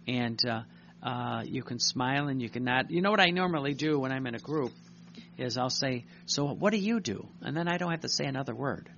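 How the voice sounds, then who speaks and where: Reading passages aloud during a sermon, a man halts frequently, using many fillers, restarting, and often clearing his throat. His medium-pitched voice is a bit bright, captured in a muffled recording with a faint hum.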